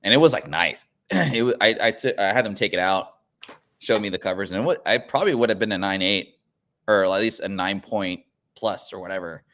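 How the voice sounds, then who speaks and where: A man's voice: on the low side, fairly quick, a bit bright. A man hosting a comic book show, chatting casually with lots of fillers and restarts. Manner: rambling, frequent filler words and restarts. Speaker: comic book channel host. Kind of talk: casual chat.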